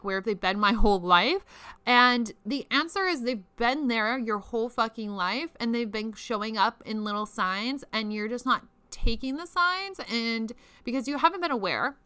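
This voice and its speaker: A woman's voice: a little high, bright, forceful tone, clean tone, no room sound. A woman podcast host coaching listeners on spiritual practice in a chatty, frank way, swearing freely and laughing often. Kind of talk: casual spiritual coaching talk.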